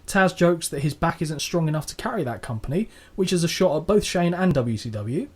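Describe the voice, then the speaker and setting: A man with a slightly raised voice, chatting casually as a podcast co-host. He is jokey and sweary, and his delivery is animated. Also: on the high side, brisk, slightly rough. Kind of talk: casual chat.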